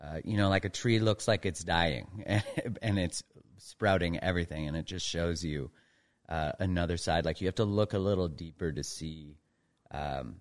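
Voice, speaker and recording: Easygoing man from Canada, very deep voice. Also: normal speed. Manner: easygoing, reflective, with fillers. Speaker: podcast guest. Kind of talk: casual podcast interview.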